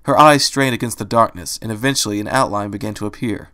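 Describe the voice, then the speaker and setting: A man's voice: on the low side, fast, pushed and bright, clean tone. A man reading a fan fiction story aloud, narrating steadily. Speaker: reader.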